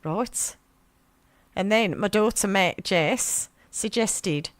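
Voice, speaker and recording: Speaking slowly in a mid-range voice with no room sound, a Birmingham-accented radio host from that area of England shares a chatty local anecdote. She tells it with animation, performing the quoted voices herself.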